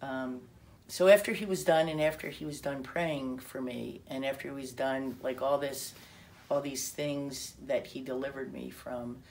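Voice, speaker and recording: A woman with a low, deep voice tells a personal testimony, slipping into the voices of the people she quotes and often restarting her sentences. A faint noise sits under the recording. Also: unhurried. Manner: animated storytelling with quoted dialogue and self-interrupting restarts. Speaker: speaker telling her testimony.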